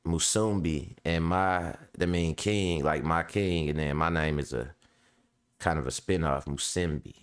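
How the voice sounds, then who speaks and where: A middle-aged man hosts a show and chats casually with his audience, relaxed and full of slang. He laughs often and keeps tossing in "you know what I'm saying". His voice sits low and comes across smooth and resonant. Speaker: show host. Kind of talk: casual monologue to a live audience.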